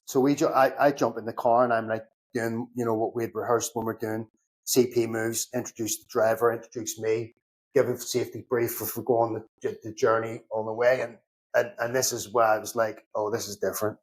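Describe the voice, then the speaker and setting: A middle-aged man from Northern Ireland with a Belfast accent, a podcast guest telling lively stories in casual chat, acting out both sides of each conversation and swearing now and then. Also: mid-range voice, a little fast. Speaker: podcast guest, security consultant.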